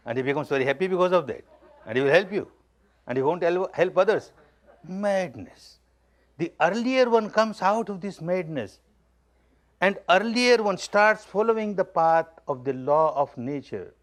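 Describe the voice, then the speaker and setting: A man from India, giving a spoken discourse as a spiritual teacher. He makes his points plainly and emphatically, and repeats key phrases as he tells stories. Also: fairly high pitch.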